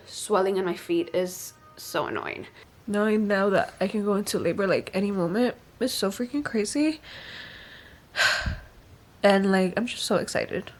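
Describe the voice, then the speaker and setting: A young woman vlogging casually about her pregnancy, chatty and excitable, full of fillers. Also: mid-range voice, normal speed.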